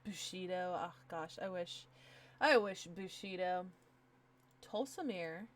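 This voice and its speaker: An excitable woman chatting to herself and her stream viewers while she builds a card game deck, with bursts of delight. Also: fairly low pitch, takes it slowly. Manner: excitable, talks to herself while browsing cards. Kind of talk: casual live-stream deckbuilding chat.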